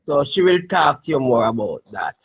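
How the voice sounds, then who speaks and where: A man chatting casually on a call-in show, easygoing and a bit halting. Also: mid-range voice, big pitch swings, breathy edge, low-quality recording. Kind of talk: casual chat.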